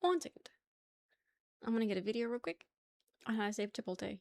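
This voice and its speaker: Her voice runs high, brisk and gravelly yet a little mellow, captured with no echo. She's a young livestream host shooting the breeze with her chat, cursing and laughing frequently.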